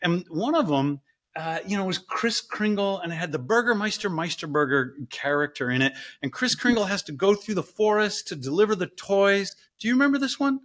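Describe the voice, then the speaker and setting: A man, a professor, telling stories as a guest in an interview in an animated, playful way. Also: high voice, a little fast.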